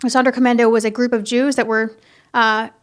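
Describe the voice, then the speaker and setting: A young woman hosting a casual, heartfelt podcast, talking earnestly and haltingly, with many restarts and fillers. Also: on the high side, level tone. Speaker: podcast host. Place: home in Florida.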